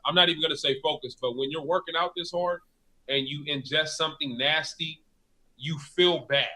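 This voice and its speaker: A man being interviewed in a relaxed chat, talking emphatically and repeating his key points. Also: a little high, moderate pace, low-quality recording. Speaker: guest. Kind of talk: casual interview talk.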